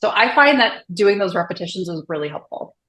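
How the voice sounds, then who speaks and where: A woman's voice: on the low side, very animated, brisk, fairly bright tone, reverberant, rough recording. A woman, an executive coach and author, speaking earnestly and reflectively as a podcast guest, often saying "like". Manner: earnest, thoughtful, often says "like". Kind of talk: reflective podcast interview talk.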